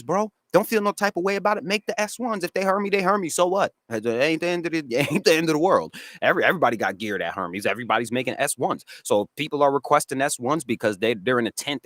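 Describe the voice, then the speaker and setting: Raspy man with a New England accent. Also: mid-range voice, fairly bright tone, no echo, studio quality. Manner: slangy, laid-back, laughs often. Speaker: cannabis grower and streamer. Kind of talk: casual live-stream chat. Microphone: dry close mic, studio.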